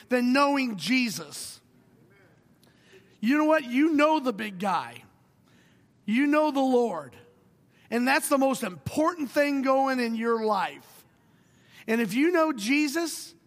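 Pastor with a high voice, in a reverberant hall. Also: male voice. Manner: storytelling, wry humor, shifts between hushed and emphatic. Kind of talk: sermon with personal story.

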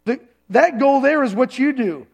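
Pastor, male, very high-pitched, conversational sermon delivery in church. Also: lively intonation, normal speed, gravelly, darkish tone. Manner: conversational preaching, acts out quoted voices. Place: church service.

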